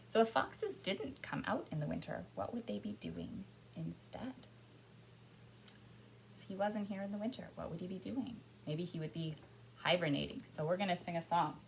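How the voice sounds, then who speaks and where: A woman leading an interactive storytime for young children, reading aloud and guiding actions, moving between loud calls and soft whispers. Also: on the low side, big pitch swings, moderate pace, creaky, a little hiss or hum, low-quality recording.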